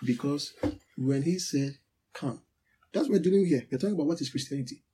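A man's voice: on the high side, a little fast, noisy background. A man preaching a sermon, teaching with emphatic repetition and call-and-response with his listeners.

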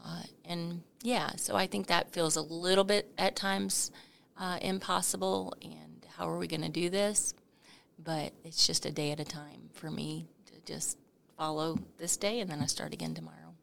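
Bright, gravelly-voiced middle-aged woman storyteller. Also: on the low side, moderate pace. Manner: animated, laughing storyteller with many fillers. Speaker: coffee company founder, interview guest. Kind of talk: storytelling in an interview.

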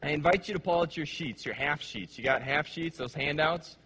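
A male pastor preaching a sermon with passion, dropping to hushed, slow phrases and then rising to emphatic ones. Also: on the high side, slight background noise. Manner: impassioned, swings between hushed and emphatic.

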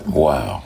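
A man with a very deep voice, relaxed and laid-back in casual chat as a guest.

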